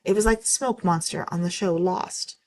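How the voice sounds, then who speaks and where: A woman with a somewhat low voice reading stories aloud for her channel. She keeps a steady, even pace and now and then trips over a word and corrects herself. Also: normal speed. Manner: steady, even-paced reading with occasional slips.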